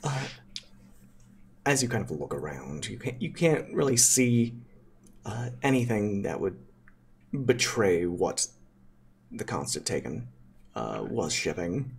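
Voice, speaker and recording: Deep gravelly male game master, animated and playful. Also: slow, long pauses. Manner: playful, loose narration with many fillers. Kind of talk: narrating a tabletop game.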